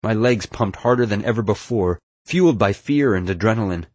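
A man reading a first-person adventure story aloud in a steady, measured way. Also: lowish voice, dry recording. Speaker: audiobook narrator. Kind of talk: scripted first-person narration.

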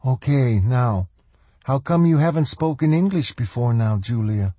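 Audiobook: man doing a gruff, urgent woman, husky tone, close and dry. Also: medium pitch, animated, unhurried, warm tone, dry recording, pitched above the performer's own voice. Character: blunt, tough-talking older woman called Sister.

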